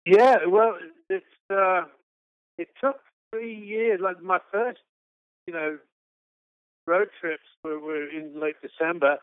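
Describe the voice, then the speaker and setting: A man's voice: high voice, slow, pauses often, clear, resonant tone, dry recording. A man from Australia, a business founder, telling his story in an interview, rambling and restarting often. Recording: phone-like narrow-band line.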